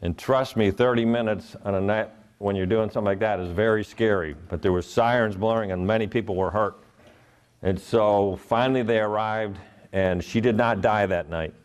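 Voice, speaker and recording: A man's voice: on the low side, steady tone, moderate pace, clear, resonant tone. A middle-aged man from Ohio giving a live motivational keynote, telling earnest personal stories and acting out the voices in them. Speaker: motivational speaker.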